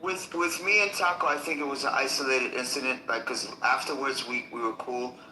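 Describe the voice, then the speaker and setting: A man's voice: medium pitch, fairly even intonation, brisk, pushed and bright. A man in casual conversation, hesitant and conciliatory, often restarting his sentences. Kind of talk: casual chat. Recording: echoey room with faint noise.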